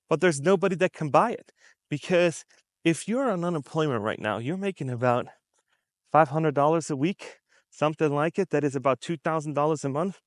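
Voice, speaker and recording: A man's voice: a little high, no room sound, studio quality. A man from the United States talking straight to his viewers in unscripted commentary, emphatic and conversational, repeating his points and acting out how people react. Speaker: commentary vlogger.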